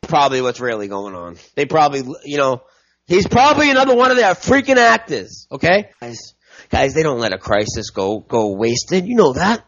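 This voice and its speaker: A man's voice: mid-range voice, very animated, normal speed, a bit bright, no echo, dull audio. A man ranting angrily to his viewers about politics, swearing and repeating himself. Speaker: political commentator.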